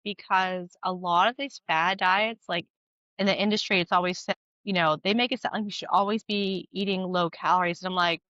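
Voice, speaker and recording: A woman's voice: fairly low pitch, fairly quick, no echo, muffled recording. A woman fitness coach chatting on a podcast over a video call with earphones, telling stories and acting out what her clients say. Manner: lively storytelling, acts out quotes from clients. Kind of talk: casual podcast chat.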